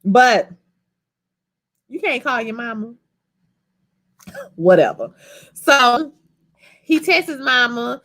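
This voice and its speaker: A woman casually recapping a TV episode. She talks in an animated, chatty way and swears freely. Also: a little high, takes it slowly, pauses often. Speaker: TV episode reviewer.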